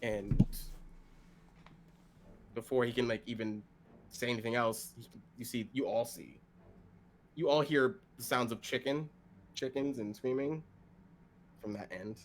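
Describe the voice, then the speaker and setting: A man narrating a tabletop role-playing game as game master, halting often to restart. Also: medium pitch, steady tone, a little hiss or hum. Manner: halting, full of fillers and restarts.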